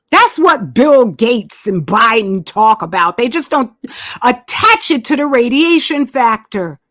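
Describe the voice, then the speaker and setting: Animated, high-pitched woman. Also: no echo, studio quality. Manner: emphatic, repeats herself, asides while searching screen. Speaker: channel host. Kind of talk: casual monologue to viewers.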